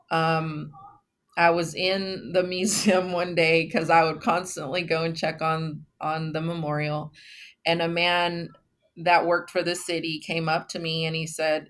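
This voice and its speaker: Guest woman from Texas, low and flat delivery, slow, earnest, pausing. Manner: earnest, many "um" pauses. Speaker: memorial founder, guest. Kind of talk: casual interview storytelling.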